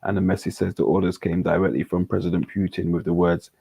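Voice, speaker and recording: A man's voice: low-pitched, level tone, fast, creaky, dark tone, husky, no room sound. A man reading a news article aloud on a panel chat, stumbling over names and making jokey asides. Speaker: panel host.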